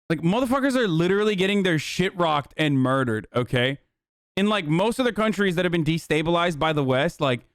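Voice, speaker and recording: A young man streaming, reacting casually and profanely to a news clip, animated and incredulous. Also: fairly high pitch, clean tone, no room sound, clean studio sound.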